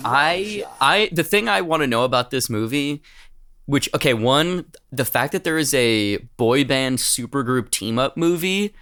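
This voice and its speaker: A man co-hosting a podcast in a casual, comedic chat, telling stories excitably and swearing freely. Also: medium pitch, unhurried. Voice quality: profane, excitable storyteller. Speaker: podcast co-host.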